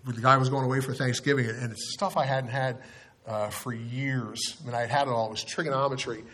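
Husky guy pastor telling stories in a sermon, chatty, trips over his words a lot, mid-range voice. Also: mid-range voice, fairly even intonation, brisk, fairly bright tone. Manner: storytelling, conversational, many restarts.

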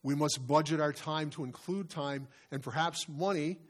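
A man's voice: on the high side, normal speed. A male pastor preaching a conversational sermon, full of asides and restarts as he reads from scripture and his notes.

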